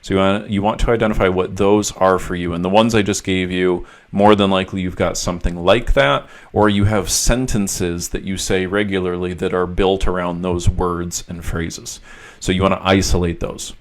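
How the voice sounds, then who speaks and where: A man's voice: deep voice, steady tone, normal speed. A man working as a mental health coach, giving an instructional monologue and walking through steps one by one.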